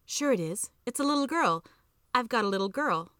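A woman's voice: a little high, animated, fairly quick, fairly bright tone, no room sound, clean studio sound, pitched above the performer's own voice. A woman voicing an erratic, unhinged old woman who is the narrator's mother, in a podcast story reading. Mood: stubborn.

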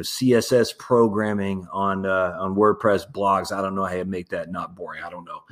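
A man's voice: on the low side, a bit bright. A man hosting his own podcast, talking casually and candidly with lots of fillers and restarts, chuckling now and then and calling his listeners his friends. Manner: laughs easily while talking. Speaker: podcast host. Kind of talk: casual solo commentary.

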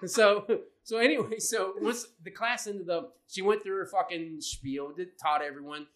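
A man co-hosting a podcast, telling a story in a casual, profane, animated way and acting out what people said. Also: high voice, moderate pace. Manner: profane, animated storyteller who acts out quotes. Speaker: podcast co-host.

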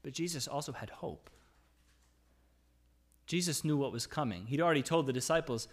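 A man's voice: expressive, normal speed, long pauses. Man preaching a conversational sermon. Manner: reads scripture aloud and rises in pitch and volume when voicing anguished cries; conversational preaching with frequent "right?" and restarts. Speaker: pastor.

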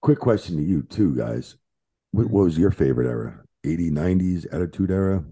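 A low, gravelly man with a dark, husky tone and a voice that jumps around a lot as he talks. He tells stories casually and swears freely, keeping the chat lively. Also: brisk, dry recording. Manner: profane, animated storyteller. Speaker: guest, veteran wrestling referee. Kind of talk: casual podcast storytelling.

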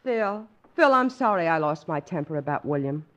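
Lively gracious wife. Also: female voice, deep voice, normal speed, rough recording. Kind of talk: 1940s radio comedy acting.

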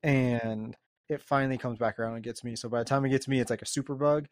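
A man's voice: medium pitch, fairly even intonation, fast, dry recording, studio quality. A man hosting a podcast, chatting in a rambling, easygoing way and laughing often. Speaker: podcast host. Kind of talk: casual chat.

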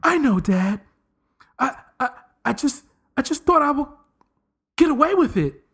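Man putting on a sheepish teen boy, stammering, voice climbing high and whiny. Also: big pitch swings, measured pace, vocal fry, fairly bright tone, heavily acted. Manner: stammering, rising whiny pitch. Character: sheepish teenage boy caught misbehaving.

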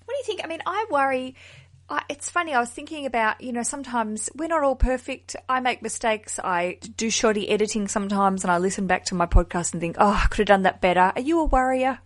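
Chatty, animated woman podcast host. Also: on the high side, fairly quick. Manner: animated, laughs often, self-deprecating. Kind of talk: casual chat.

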